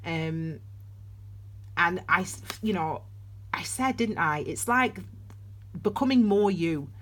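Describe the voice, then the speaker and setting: Chatty woman with a low voice, rambling. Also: lively intonation, slow, a bit bright, slight background noise. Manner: chatty, rambling with many restarts and fillers; calls viewers darlings. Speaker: tarot reader. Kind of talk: casual astrology reading.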